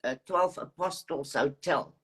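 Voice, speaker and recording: A woman with a low voice asks her questions in a halting, nervous way and fills pauses with "um." She sounds friendly and eager on a video call. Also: fairly bright tone, breathy edge. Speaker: interviewer. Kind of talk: casual interview.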